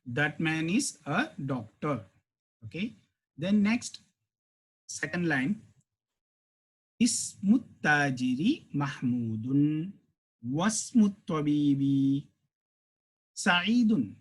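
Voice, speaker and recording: Male Arabic teacher, slow and patient, slightly husky, repeats lines for students. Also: fairly high pitch, very animated. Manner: slow, repeats phrases, reads Arabic then translates. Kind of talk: grammar lesson.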